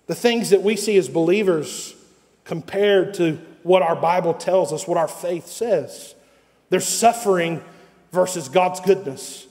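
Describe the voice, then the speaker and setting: A male pastor preaching a sermon with dramatic pauses and repeated phrases. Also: high voice, a little mellow, in a large hall.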